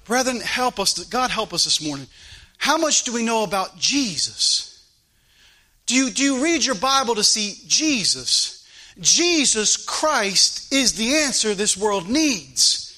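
A man with a drawl delivers a fiery sermon, his voice high for a man, bright and cutting, sing-song and unhurried. He swings from hard, loud exhortation to soft, pleading hushes.

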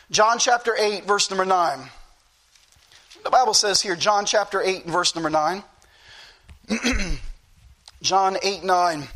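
A man's voice: sits high, sharp tone. A middle-aged man preaching a fervent sermon, repeating phrases for emphasis.

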